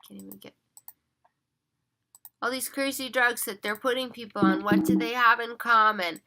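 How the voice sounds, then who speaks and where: A woman's voice: fairly high pitch, steady tone, moderate pace, long pauses, sharp tone. A woman, talking to camera in a casual monologue, tired and yawning, earnest and pleading, repeating and restarting her words. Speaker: vlogger.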